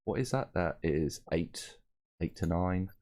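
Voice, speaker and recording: Deep-voiced man running a game. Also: animated, a little mellow. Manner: casual, halting, with frequent ums and self-corrections. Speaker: game master. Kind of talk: narrating a tabletop game.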